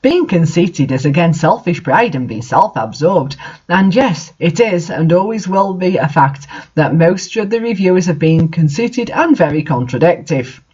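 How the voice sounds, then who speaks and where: A reader giving a mock-dramatic reading of an author's note, theatrical, with sudden shouted outbursts. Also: medium pitch, lively intonation, moderate pace, breathy edge, lo-fi sound. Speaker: reader of fan fiction.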